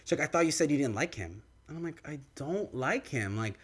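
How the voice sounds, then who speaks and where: Animated young man telling a story. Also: brisk, husky. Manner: animated, acts out quoted dialogue with big pitch swings. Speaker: podcast co-host. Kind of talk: casual storytelling. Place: podcast studio.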